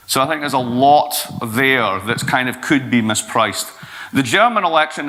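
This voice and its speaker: A Scottish man in his forties, a guest speaker answering questions in a blunt, profane, lively way. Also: mid-range voice. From Scotland. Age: 40s. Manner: blunt, profane, animated storytelling. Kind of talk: Q&A talk at an event.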